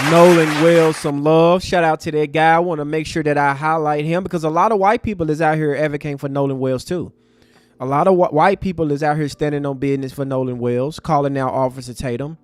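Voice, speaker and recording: Impassioned high-voiced male livestream host. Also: no echo. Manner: impassioned, preachy, talks to chat as family. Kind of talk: livestream commentary.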